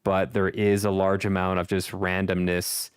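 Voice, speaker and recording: A man's voice: deep voice, completely flat delivery, normal speed, clear, resonant tone, dry recording, clean studio sound. A man streaming live, chatting casually with his viewers, rambling and repeating himself as he plans the session. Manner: chatty, rambling, repeats phrases, reads chat aloud.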